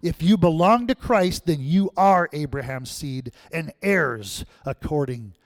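A pastor preaches to his congregation in a fairly high male voice. He keeps throwing questions back at the room and swings between loud, emphatic lines and quiet asides. The sound is close and dry, with no room echo. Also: a little slow. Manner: call-and-response, asking the congregation questions. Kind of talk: sermon.

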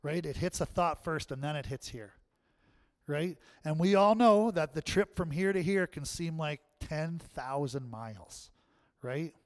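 A man's voice: fairly high pitch, expressive, a little slow. A man preaching a sermon in a church, talking in a conversational way and often checking in with the congregation, then leading a closing prayer. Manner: conversational, keeps asking the crowd "right?".

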